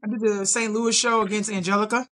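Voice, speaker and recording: Speaking at a quick pace in a mid-range voice, a middle-aged woman shares her story as a podcast guest. She's a bodybuilder, and she tells it in a casual, animated way, mimicking her own reactions.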